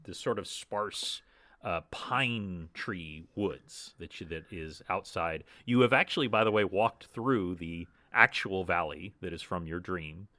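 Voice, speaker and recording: A man narrating a tabletop game as game master on a podcast microphone, in a relaxed, rambling way with many fillers. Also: sits low, measured pace, no room sound.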